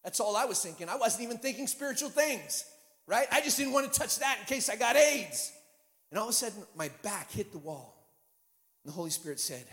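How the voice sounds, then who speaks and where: High-voiced male preacher in a reverberant hall. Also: lively intonation, fairly quick. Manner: storytelling, building to shouted preaching. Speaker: guest pastor. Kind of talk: sermon.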